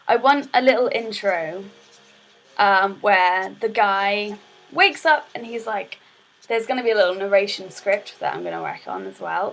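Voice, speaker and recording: A woman's voice: medium pitch, a bit bright, a little hiss or hum, poor audio. A young woman casually streaming her game development work, chatting in a rambling way full of fillers and restarts. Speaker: game dev student streamer. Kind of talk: casual live stream chat.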